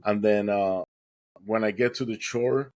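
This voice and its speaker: A man's voice: on the low side, steady tone, a little slow, a little mellow, dry recording, rough recording. A man guest on a podcast, earnestly telling a dramatic personal story and acting out what people said. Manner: earnest, dramatic retelling with acted quotes.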